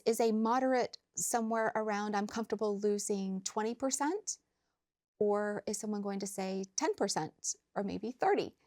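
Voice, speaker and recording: A woman financial advisor on a talk show, explaining money matters in measured, plain steps. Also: mid-range voice, a little mellow.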